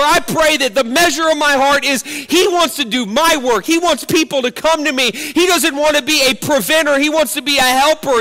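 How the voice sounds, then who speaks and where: A man's voice: very high voice, sharp tone. A male pastor preaching a sermon in a church, emphatic, repeating key phrases and firing off rhetorical questions.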